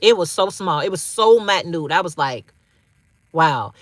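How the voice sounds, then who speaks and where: A woman's voice: fairly low pitch, lively intonation, a little slow, dry recording. A woman hosting a casual livestream, talking straight to viewers, repeating phrases for emphasis with slangy asides. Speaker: livestream host.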